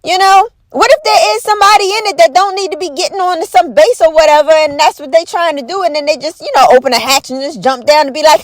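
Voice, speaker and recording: With slight background noise behind her, a vlogger whose voice sits high rants comically to camera, animated, exaggerated, folksy and emphatic. Catchphrases come back again and again, along with quick mock voices.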